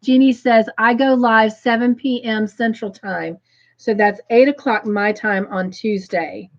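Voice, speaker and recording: A woman hosting a crochet live stream, reading viewer comments aloud and gushing with excitement. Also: a little high, a little slow, dull audio.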